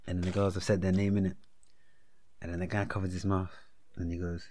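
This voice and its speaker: Man, lowish voice, slangy, animated, podcast chat. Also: fast. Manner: animated, slangy, acts out quotes with big pitch jumps. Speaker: podcast co-host. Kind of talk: casual storytelling chat.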